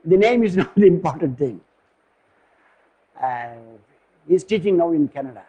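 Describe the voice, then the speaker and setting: An older man from India with an Indian English accent gives a philosophy lecture, digressive and halting, often pausing to search for words. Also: on the high side, lively intonation, slightly rough, muffled recording.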